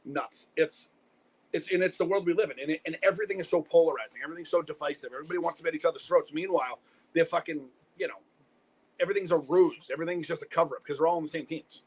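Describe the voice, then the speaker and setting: A man with a husky voice talks fast in a casual chat. He jumps in with short, emphatic agreement and finishes points for his co-host. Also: fairly high pitch.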